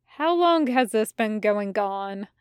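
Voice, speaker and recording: A woman's voice: medium pitch, expressive, slow pace, clear, resonant tone, no echo. A woman voicing an amused, incredulous young man in a storybook reading, talking in a dry, disbelieving way.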